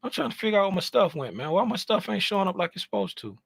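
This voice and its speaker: A man casually walking through a chart on a screen share, thinking out loud and talking to himself in a chatty, animated way. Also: high-pitched, rapid-fire, gravelly, breathy edge, no room sound, clean studio sound. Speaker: trading educator.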